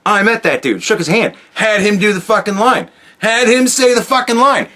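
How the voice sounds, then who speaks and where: A man's voice: high voice, normal speed. Rambling, profane man ranting. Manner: rambling, profane, self-interrupting, swings from loud outbursts to mutters. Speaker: podcast host. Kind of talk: casual monologue.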